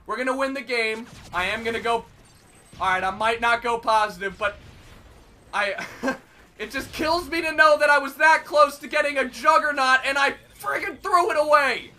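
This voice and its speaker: A young man giving gameplay commentary as host, excitable, melodramatic and self-mocking. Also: very high-pitched, normal speed, slight background noise. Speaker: gaming commentator.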